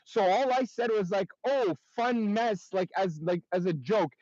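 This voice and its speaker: Man, caller, rambling story, high voice, muffled dry audio. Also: animated, moderate pace, a little mellow, no echo. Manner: rambling, hesitant, swears. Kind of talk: casual storytelling.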